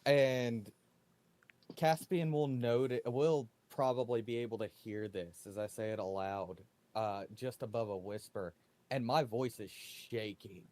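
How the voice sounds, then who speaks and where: A man playing a tabletop game, calmly describing his character's actions. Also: mid-range voice, a little slow. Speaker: player.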